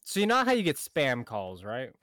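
A man's voice: mid-range voice, wildly swooping pitch, moderate pace, crowd noise. Joking man, casual podcast banter. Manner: joking, laughs a lot, dark humor. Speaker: podcast co-host. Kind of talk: casual chat.

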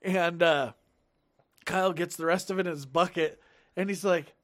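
A man's voice: high-pitched, fairly even intonation, normal speed, a bit bright. A man telling a rowdy story among friends, acting out the quotes with big swings in his voice.

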